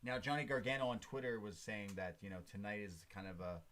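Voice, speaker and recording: A man's voice: fairly low pitch, quick pace, fairly bright tone. A man co-hosting a podcast, casually recapping a wrestling show with jokes and frequent fillers. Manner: joking, recaps with lots of fillers. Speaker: podcast co-host. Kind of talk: casual wrestling review chat.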